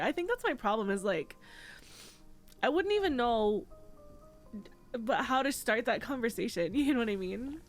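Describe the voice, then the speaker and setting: A woman streamer chatting candidly and haltingly on a livestream, teary and sniffling, swearing often. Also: a little high, animated, soft background music. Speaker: VTuber streamer. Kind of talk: casual livestream chat.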